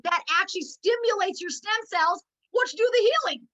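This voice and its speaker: A woman's voice: very high-pitched, moderate pace, fairly bright tone, highs cut off. A middle-aged woman giving an emotional, preachy motivational talk at a network marketing meeting. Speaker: network marketing team leader.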